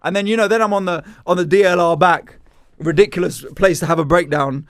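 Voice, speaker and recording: A man's voice: high voice, brisk, no echo, studio quality. A man telling a comedy-gig anecdote in casual chat, acting out the voices in it. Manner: animated anecdote-telling with acted-out quotes. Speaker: comedian guest.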